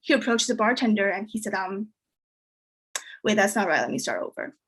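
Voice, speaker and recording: A woman performing a stand-up comedy set, whose first language is Chinese, telling jokes in a deadpan way and jumping much higher when she quotes people. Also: fairly quick, husky. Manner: deadpan delivery, jumps high for quoted voices.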